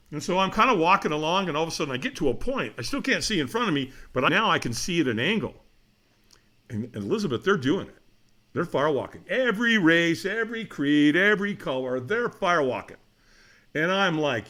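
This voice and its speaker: Animated middle-aged man telling a story. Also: on the high side, brisk. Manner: lively storyteller acting out quoted voices, laughs often. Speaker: podcast guest.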